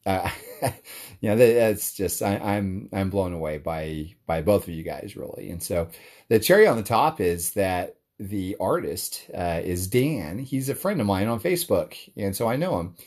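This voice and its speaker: Deep-voiced man rambling about collecting. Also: lively intonation, moderate pace, darkish tone. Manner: rambling, with many fillers and restarts; enthusiastic. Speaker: card collector talking to his audience. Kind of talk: casual monologue.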